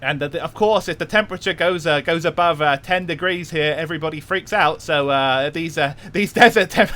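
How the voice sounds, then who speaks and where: A man voicing a cheeky Cockney punk in a put-on London accent, rattling off fast auctioneer patter on a game stream. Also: fairly high pitch, pushed and bright. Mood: chatty.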